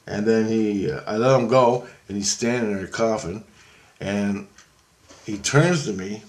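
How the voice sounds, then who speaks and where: A man's voice: fairly low pitch, measured pace. A man telling a long story in casual, rambling speech, swearing often and correcting himself mid-sentence. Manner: rambling, profane, self-correcting. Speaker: vlogger recounting a dream. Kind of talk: casual spoken storytelling monologue.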